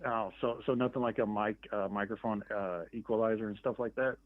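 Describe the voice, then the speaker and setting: A man's voice: fairly low pitch, steady tone, brisk, dry recording. Guy calling in, hesitant, lots of ums, tinny phone sound, dry. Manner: hesitant, many fillers and restarts. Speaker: caller. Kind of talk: call-in question. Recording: phone-line call.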